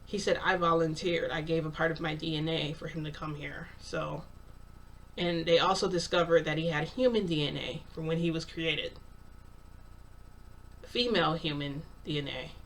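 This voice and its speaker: A woman's voice: low-pitched, fairly even intonation, moderate pace, distant mic, a little hiss or hum. A woman casually retelling a story in the first person, narrating dialogue with lots of "I'm like" and "he's like". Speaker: channel host telling a story.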